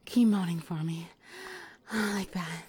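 A woman in a whispered role-play, teasing and giving commands between breathy whispers and sighs. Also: fairly low pitch, fairly even intonation, measured pace, a little mellow. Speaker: audio role-play performer.

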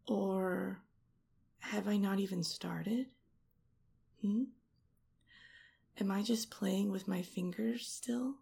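A woman speaks in an intimate erotic audio role-play, her delivery slow and unhurried and her voice heavily gravelly with a husky edge. She teases in a seductive murmur close on the mic, now and then dropping into a whisper. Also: medium pitch, steady tone, darkish tone. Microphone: close studio mic.

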